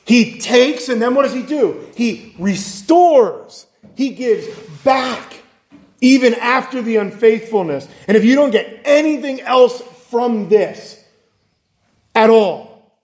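A man preaching in a high voice, earnest and emphatic, leaning on repetition and rhetorical questions. His sermon rings through an echoey church hall. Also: darkish tone.

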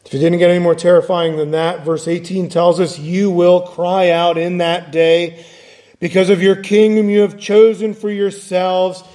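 A man's voice: high-pitched, flat delivery, normal speed, dark tone, reverberant. A man preaching a sermon, earnest, driving his points home with repetition and rhetorical questions.

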